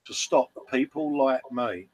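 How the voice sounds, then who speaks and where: A man's voice: medium pitch, measured pace, low-quality recording. An English man telling jokey stories and laughing in casual banter. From England. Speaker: guest on a live stream.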